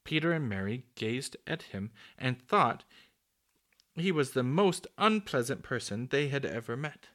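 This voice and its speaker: Bright-voiced man reading a children's story. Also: medium pitch, unhurried. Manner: steady reading with small slips and restarts. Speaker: narrator. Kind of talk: storybook read-aloud.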